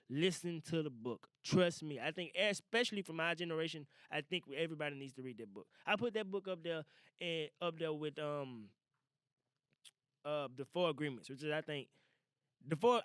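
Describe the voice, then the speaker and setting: A man's voice: a little high, clear, resonant tone, no echo. Man, young adult, podcast host, casual rambling monologue, slang and swearing, dry studio sound. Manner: loose, profane slang, animated asides. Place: small recording room. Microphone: studio mic.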